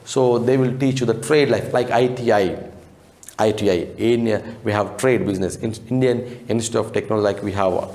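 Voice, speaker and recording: A man's voice: fairly low pitch, brisk, a little mellow. Man, English teacher, retelling a classic novel, simple explanations, acts out lines, echoey room.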